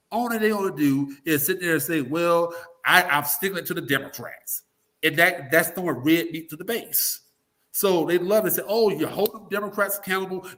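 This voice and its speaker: A man's voice: on the high side, a bit bright. A man giving blunt, emphatic opinions as a political guest, often swearing and acting out the voices of the people he quotes. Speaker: political guest, talk radio personality. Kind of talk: opinionated interview talk.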